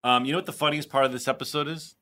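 A man co-hosting a podcast, chatting casually and retelling scenes with lively playacting. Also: medium pitch, racing. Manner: storytelling, acts out scenes, restarts when moved. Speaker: podcast co-host. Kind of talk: casual chat.

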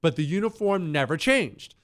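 Animated, sarcastic male radio host. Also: a little high, moderate pace, no room sound, studio quality. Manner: animated and emphatic, sarcastic asides. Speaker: radio talk show host. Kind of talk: opinionated talk radio monologue.

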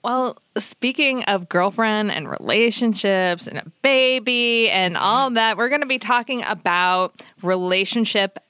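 A woman's voice: mid-range voice, unhurried, hardly any pauses, bright, forceful tone, smooth, no echo. A woman hosting a podcast, asking a guest about her background in an upbeat way. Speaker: podcast host. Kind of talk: casual interview chat.

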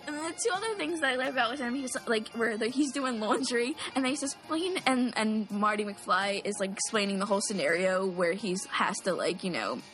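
A woman's voice: a little high, animated, a little fast, hardly any pauses, fairly bright tone, faint music behind, poor audio. A woman in casual chat about a movie, chatty and gushing, full of "like" fillers.

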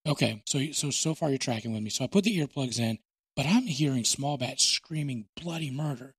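A man hosting a podcast, telling stories in a joking, animated way. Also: medium pitch, brisk, slightly rough, no echo. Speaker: podcast host. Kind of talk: casual chat.

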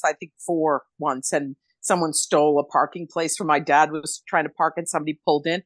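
A woman's voice: deep voice, no room sound. Blunt older woman telling stories. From Rhode Island. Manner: blunt, candid, emotional storytelling. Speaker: guest, stage actress. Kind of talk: casual interview chat.

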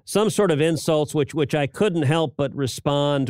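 A man's voice: on the high side, measured pace, a little mellow, clean tone, dry recording, clean studio sound. A middle-aged man co-hosting a political podcast, talking casually with frequent stammered restarts and chuckles at his own jokes. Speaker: podcast co-host, senator.

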